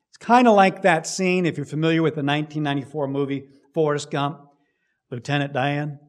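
A man preaching a sermon, emphatic, rising loud and dropping low to stress his points. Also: fairly even intonation, fairly quick. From United States. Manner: emphatic preaching with big swings in loudness. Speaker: pastor.

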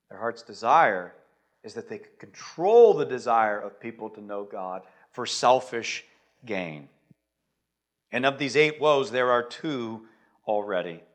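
Pastor, male, fairly high voice, relaxed storytelling sermon with big swings in volume. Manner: conversational preaching, dynamic swings in loudness.

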